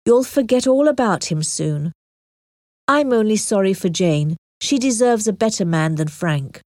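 A woman voicing a kind, earnest gentleman in a storybook, speaking gently and sincerely. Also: medium pitch, expressive, a little slow, no room sound, studio quality, close to an everyday voice.

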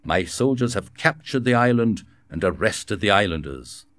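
A man's voice: on the low side, expressive, normal speed, a bit bright, dry recording. A man reading the part of a commanding young French king in a formal, authoritative way. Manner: firm, formal, authoritative delivery.

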